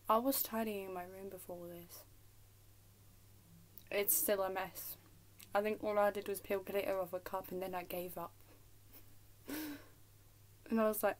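A woman's voice: mid-range voice, steady tone, moderate pace, pauses often. A young woman with an English accent, chatting casually to camera at home, giggling and dropping into whispers. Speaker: vlogger. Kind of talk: casual rambling chat to camera. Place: at home in her room.

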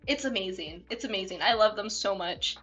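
A bubbly young woman chatting with viewers on her stream, voice at an ordinary middle pitch and full of feeling. She rambles cheerfully and giggles often, with faint music playing behind her. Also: expressive, a little fast, a bit bright. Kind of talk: casual live-stream chat. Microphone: desktop mic, no webcam.

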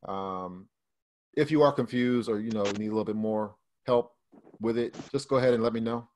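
Relaxed man teaching over a video call. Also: on the low side, normal speed, a little hiss or hum. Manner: conversational, loose, repeats and restarts while explaining. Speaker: Bible Hebrew teacher. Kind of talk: casual online study session. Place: online fellowship call.

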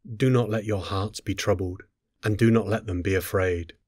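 A man reading scripture aloud in a solemn, measured, unhurried way. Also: on the low side, steady tone, darkish tone, breathy edge, no room sound, clean studio sound. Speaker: scripture reader.

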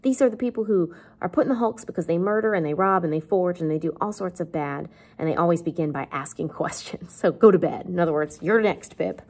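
A woman's voice: lowish voice, fairly quick, few pauses. A woman reading as a harsh, scornful village wife. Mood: scolding. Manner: sharp, scornful, nagging.

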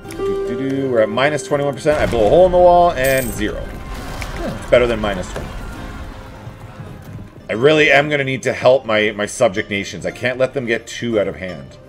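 A man talks his way through a strategy campaign, his voice rising and falling in lively swings. He chats to his troops and enemies with playful asides. Soft music hums faintly underneath. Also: mid-range voice, a little fast. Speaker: let's play host. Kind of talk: casual strategy game commentary.

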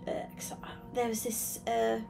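A woman's voice: fairly high pitch, completely flat delivery, normal speed. A young woman streaming while she draws, chatting in a rambling, self-correcting way and sounding tired. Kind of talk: casual chat while drawing. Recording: music playing clearly behind.

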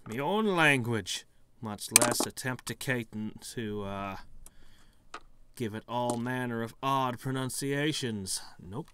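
Wry, slow-talking gaming man. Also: medium pitch, fairly even intonation, noisy background. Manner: wry, joking asides. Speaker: gaming video host. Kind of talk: let's play commentary.

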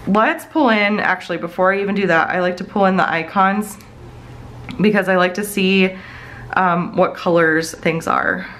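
A woman's voice: on the low side, moderate pace, fairly bright tone, a little hiss or hum, poor audio. A woman in her thirties chatting casually in her home office while planning, rambling with many fillers. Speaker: planner vlogger. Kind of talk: casual chatty plan-with-me talk.

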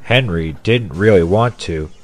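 A man reading a children's story aloud in an even, measured way, with music behind. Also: low-pitched. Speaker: narrator. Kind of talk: storybook narration.

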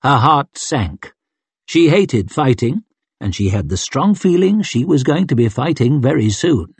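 A male audiobook narrator with a husky, mid-pitched voice, telling the story at a measured pace with expressive, shifting emphasis. The recording is close and dry. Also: no room sound. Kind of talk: scripted narration.

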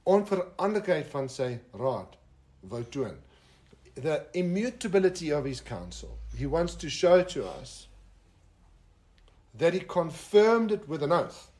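South African preacher, Afrikaans-speaking man, higher-pitched voice, chatty joking sermon. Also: very animated, measured pace, long pauses, darkish tone. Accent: South African English. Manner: joking, conversational, with asides to the listeners. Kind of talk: informal sermon. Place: fellowship lounge.

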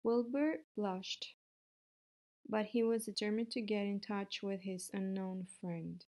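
A woman reading a children's book aloud in a steady way, with the odd small slip. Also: medium pitch, takes it slowly. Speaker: reader.

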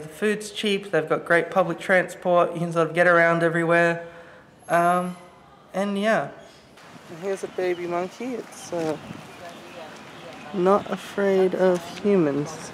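Speaking in a high-pitched, slightly bright voice, a young vlogger with a mild Australian accent chats in a relaxed, self-deprecating way. His talk is loaded with fillers and asides that trail off.

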